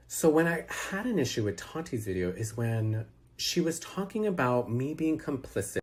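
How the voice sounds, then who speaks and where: A man as an interview guest, telling a story in a casual, animated way, acting out quoted dialogue and swearing freely. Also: fairly high pitch, moderate pace.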